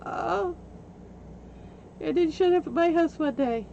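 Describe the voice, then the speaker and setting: A woman livestreaming, telling a story in a casual, animated way and often breaking into laughter. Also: very high voice, slow, vocal fry, muffled recording, a little hiss or hum. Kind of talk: casual storytelling while gaming.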